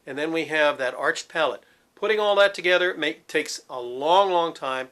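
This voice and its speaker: A man's voice: fairly high pitch, a little fast, bright, forceful tone. A middle-aged man and former opera singer teaching vocal technique, explaining patiently and demonstrating with sung examples. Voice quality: resonant, focused head voice.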